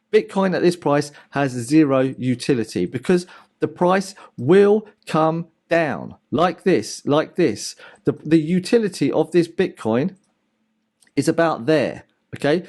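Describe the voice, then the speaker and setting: A man giving casual market commentary to his viewers, animated and direct, explaining ideas with everyday analogies. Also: a little high.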